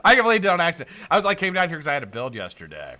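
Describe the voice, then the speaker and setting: A man's voice: a little high, huge pitch swings, rapid-fire, bright, forceful tone. An American man hosting a live stream in casual chat, greeting viewers by name, swearing and laughing often.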